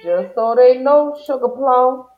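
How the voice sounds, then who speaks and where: A woman from Louisiana hosting a podcast in casual chat, playful and warm-hearted, singing out her greetings. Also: sits high, unhurried, soft background music. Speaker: podcast host. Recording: dull lo-fi sound.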